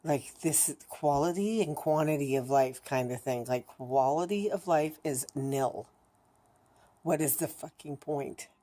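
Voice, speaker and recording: A woman's voice: deep voice, a little slow, warm tone. A woman recording a candid personal video diary, talking bluntly, swearing heavily and rambling with many restarts. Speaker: vlogger.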